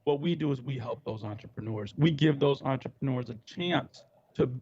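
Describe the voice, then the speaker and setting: A man joining by remote call as a guest, making an earnest pitch for his business. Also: moderate pace, a little mellow, breathy edge, highs cut off.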